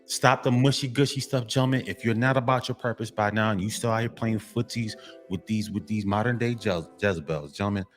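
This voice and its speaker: Man, lowish voice, preachy lecture, emphatic and repetitive, soft music behind. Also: a little fast. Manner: emphatic, repetitive, keeps saying gentlemen. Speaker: motivational vlogger. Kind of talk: preachy monologue to men.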